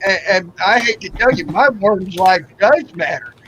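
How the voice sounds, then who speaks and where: A man's voice: high-pitched, normal speed, a bit bright, dull audio, a little hiss or hum. A man hosting a casual online panel, teasing the guests and stumbling over his words. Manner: teasing, stammering restarts. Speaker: host. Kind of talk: casual banter.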